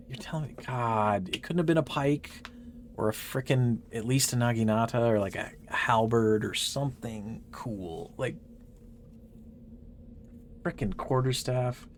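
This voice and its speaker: A man's voice: mid-range voice, measured pace, a little hiss or hum. A man giving casual, exasperated commentary while playing a game, swearing and laughing as he rants. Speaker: gaming channel host.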